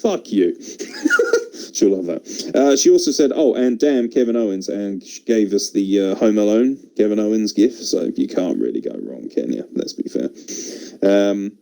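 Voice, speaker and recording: A man's voice: lowish voice, wildly swooping pitch, unhurried, gravelly, a little mellow, rough recording. A man hosting a wrestling podcast, reading out listener messages in casual, laughing, swearing banter. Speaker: podcast host.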